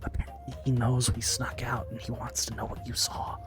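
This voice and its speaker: A man voicing an excited little girl who is out of breath and leans in to whisper a secret. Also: mid-range voice, fairly quick, music in the background, close to an everyday voice.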